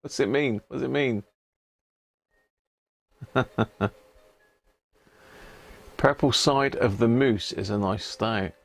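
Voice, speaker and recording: A man's voice: mid-range voice, slow pace, creaky, pauses often. A man hosting a casual livestream, chatting with viewers by name and stumbling over unfamiliar words. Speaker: livestream host. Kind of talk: casual live chat.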